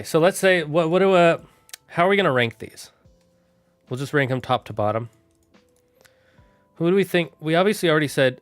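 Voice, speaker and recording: A man streaming live, thinking out loud and answering chat in a casual, rambling way. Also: mid-range voice, no room sound. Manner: musing aloud, thinks out loud with quick asides. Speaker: streamer running a worldbuilding chat.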